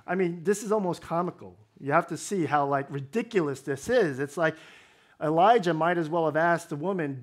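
Slightly high-voiced male preacher. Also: moderate pace. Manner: conversational, expository with wry humor. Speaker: pastor. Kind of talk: sermon.

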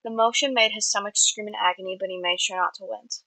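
A woman's voice: medium pitch, steady tone, fast, sharp tone, no room sound, low-quality recording. A woman reading her own story aloud earnestly, with small slips and restarts. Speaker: amateur writer.

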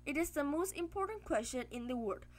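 Lady reading a mad rich villain guy, calm and lofty, her voice stays high. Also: brisk, faint music behind. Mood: grand. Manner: calm, lofty, self-assured speeches. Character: grandiose mad rich older male villain.

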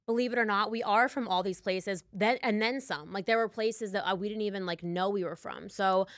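A woman sits in as a podcast guest, her voice in a middle register. She chats freely, rambling through stories and laughing as she goes. The tone stays easygoing and unhurried. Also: mid-range voice, no echo, studio quality. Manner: chatty, rambling, laughs while telling stories. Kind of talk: casual chat.

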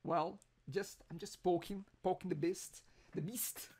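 A man with a non-native English accent and a high-pitched, steady, slightly mellow voice speaks unhurriedly over a video call. He's hosting a user group meeting, chatty and joking, with many restarts as he talks.

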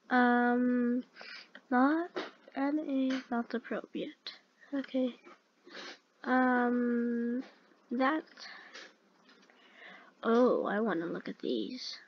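A woman hosting a gaming video, talking through each move aloud and easily alarmed, often repeating "no, no, no" in quick streams. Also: a little high, highs cut off, a little hiss or hum. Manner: chatty, talks through every move aloud. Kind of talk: let's-play game commentary.

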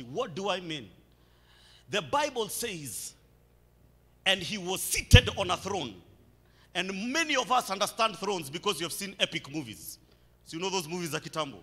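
A young man with a Kenyan accent preaching a sermon, mixing English with quick Swahili asides. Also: sits high, pushed and bright. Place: large church hall. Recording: echoey church hall.

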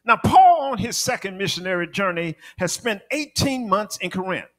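High-voiced preacher man, rhythmic delivery. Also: normal speed. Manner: rhythmic preaching that swells into shouted, half-sung cadences. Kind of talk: sermon. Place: church.

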